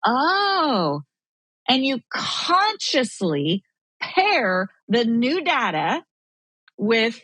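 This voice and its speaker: A woman with a higher, very animated voice explains with earnest, coaching warmth, often acting out little inner dialogues. Her tone is a bit breathy. The recording is dry and close. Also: drawn-out words, no room sound, low-quality recording. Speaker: guest expert. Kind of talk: podcast conversation.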